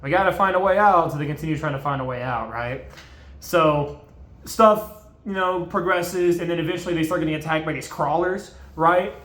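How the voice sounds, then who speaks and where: A man's voice: a little high, normal speed, a bit bright. Rambling, swearing man in an echoey room. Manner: rambling, profane, full of fillers. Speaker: video host. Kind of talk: casual movie recap.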